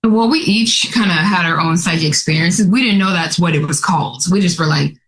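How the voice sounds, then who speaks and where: A woman's voice: fairly low pitch, fairly quick, a bit bright. A woman guest on a podcast, easygoing and laughing lightly as she talks. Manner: easygoing, laughs between phrases. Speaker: psychic guest. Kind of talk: casual interview chat.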